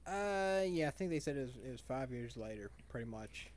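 A man's voice: mid-range voice, animated, brisk. A man co-hosting a podcast, chiming in casually with short agreeing remarks. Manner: quiet, agreeing backchannel remarks. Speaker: podcast co-host. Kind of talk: casual movie review chat.

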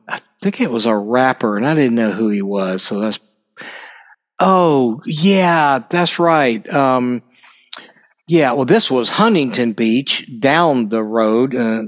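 Middle-aged male podcast host, casual rambling storyteller, mid-pitched voice, lots of ums. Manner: rambling, full of ums and asides. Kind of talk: casual monologue.

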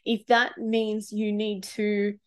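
Candid swearing mum. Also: female voice, mid-range voice, monotone, takes it slowly. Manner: candid, swears freely, emotional. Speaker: parenting coach. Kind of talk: casual storytelling vlog.

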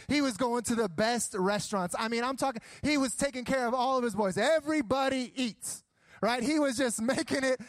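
A young adult man preaching a sermon, telling stories with acted-out dialogue and rising to near shouts. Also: sits high, no room sound. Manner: animated storytelling, acts out dialogue, rises to near shouts.

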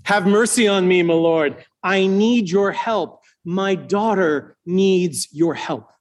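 A man voicing a desperate foreign mother, pleading loudly for her sick daughter. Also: sits high, slow pace, pitched above the performer's own voice. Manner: urgent, raised pleading voice.

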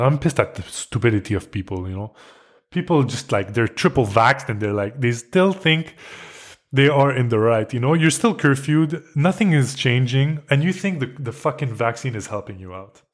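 A man's voice: mid-range voice, lively intonation, moderate pace. A young man from Quebec, hosting a podcast and delivering an angry, profanity-laced solo rant full of restarts and repetition. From Quebec, Canada. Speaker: podcast host.

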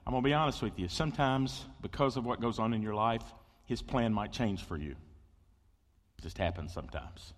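A man's voice: fairly low pitch, fairly quick. Male pastor, conversational sermon, long hall reverb. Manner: animated, conversational, with asides and jokes to the congregation.

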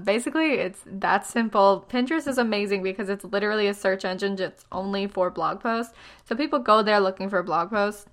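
A woman in her twenties giving blogging tips in a casual vlog, chatty and self-deprecating, with lots of fillers and quick asides, a little tired. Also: medium pitch, fairly bright tone. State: tired, yawning.

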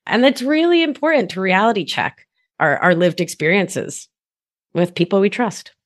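A woman with a very lively, swooping voice, talking as a somatics coach on a podcast. She is effusive and playful, going soft and low and then bursting up high. Her voice sits at a middle pitch. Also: moderate pace. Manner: warm, effusive and playful, swings between soft and exclaiming. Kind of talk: casual podcast conversation.

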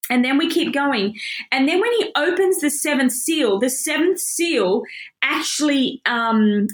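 A woman giving an energetic Bible lesson, reading scripture aloud and commenting emphatically. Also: a little high. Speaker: Bible teacher. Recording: echoey room.

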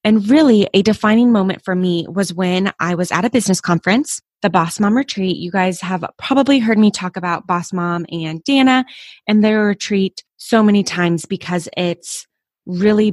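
Candid low-voiced woman podcast host. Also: moderate pace, a little mellow, no room sound, clean studio sound. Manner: candid, personal, encouraging. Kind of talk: motivational solo podcast talk.

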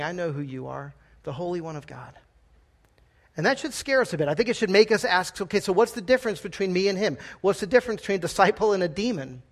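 A man preaching a sermon in a conversational, emphatic style and often checking in with the congregation with "right?". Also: sits high. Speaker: pastor.

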